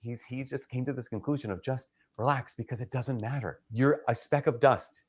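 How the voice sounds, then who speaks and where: Regular guy, mid pitch, earnest explaining in a chat. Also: moderate pace, slightly rough. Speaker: apologist. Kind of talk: casual explanation.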